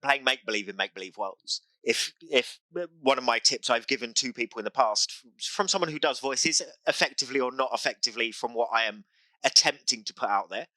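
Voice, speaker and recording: A man's voice: medium pitch, animated, brisk, bright, forceful tone, dry recording, rough recording. A British man hosting a casual podcast as dungeon master, talking earnestly and restarting phrases as he gives advice.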